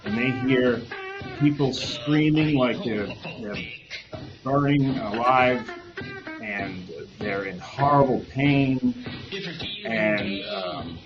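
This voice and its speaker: A man's voice: mid-range voice, takes it slowly. A man casually retelling a story from memory, rambling and hedging as he goes, acting out the people in it. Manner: rambling, recounts from memory with hedges. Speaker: host. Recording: dull lo-fi audio with music behind.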